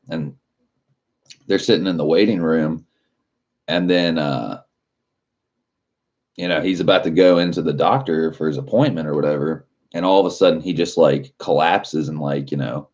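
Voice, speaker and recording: A man's voice: extremely low pitch, moderate pace, a little mellow, highs cut off. A man live streaming in a casual chat, rambling loosely with lots of filler words and swearing.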